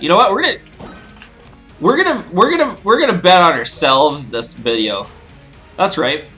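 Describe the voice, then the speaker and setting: Young Canadian gaming host; bright, animated, talkative, goofy outbursts. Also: male voice, high-pitched. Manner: chatty, rambling, with bursts of goofy exclamations. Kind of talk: casual let's-play commentary.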